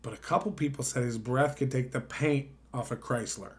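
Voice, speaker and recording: A man's voice: medium pitch, moderate pace. A tired man on a late-night stream, casually telling a story with swearing and mimicking the people in it. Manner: animated, swearing, mimics others.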